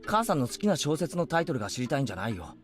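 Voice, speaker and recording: An actor as a fast-talking, pushy anime teen boy. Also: mid-range voice, sing-song, soft background music, lightly acted. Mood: insistent. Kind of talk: anime voice acting.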